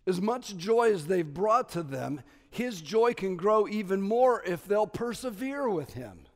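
Guy preaching a sermon, kinda high voice, punchy stresses then soft asides, long church-hall echo. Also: expressive, unhurried. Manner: emphatic, swings between loud stresses and quiet asides. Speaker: pastor.

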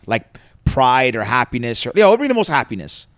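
A young man hosting a podcast, asking questions quickly and rephrasing as he goes. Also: medium pitch, very animated, no echo, clean studio sound. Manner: quick, restarts questions mid-sentence. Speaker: podcast host. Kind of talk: casual chat and interviewing.

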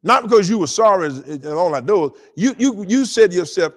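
A male pastor preaching in a high, very lively voice. He draws the congregation into call-and-response and piles up repeated words for emphasis. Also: fairly quick. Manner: stammering repetitions while building emphasis. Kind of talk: sermon.

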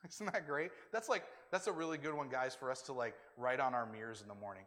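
Quick and with few pauses, this pastor's mid-range, slightly bright voice carries a conversational sermon in which he acts out quoted lines. The sound has long hall reverb.

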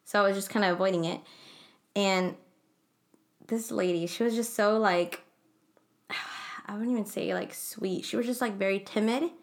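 Young woman, casual storyteller, middle pitch, rambling delivery. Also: moderate pace, pauses often. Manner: rambling, lots of fillers and self-corrections.

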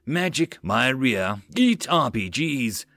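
A man's voice: mid-range voice, sing-song, takes it slowly, gravelly, pushed and bright, no room sound, clean studio sound, full character voice. A man doing a cocky, teasing marine sergeant. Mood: gruff. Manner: barking orders, teasing.

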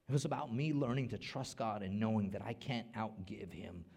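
A middle-aged man, a pastor, preaching a sermon with big swings between loud and soft and repeating words as he builds a point. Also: lowish voice, normal speed, creaky, few pauses, husky.

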